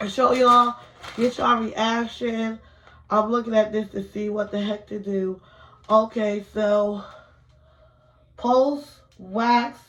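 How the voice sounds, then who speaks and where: A woman's voice: a little high, a bit bright. A young woman chatting nervously to viewers in a casual home vlog. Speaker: beauty vlogger. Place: indoors at home.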